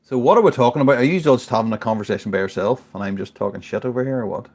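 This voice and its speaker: A man's voice: mid-range voice, racing, a little mellow, slightly rough. A man in his forties, a little tipsy, telling a rambling, sweary story in casual chat. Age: 40s. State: tipsy from drinking beer. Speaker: podcast regular.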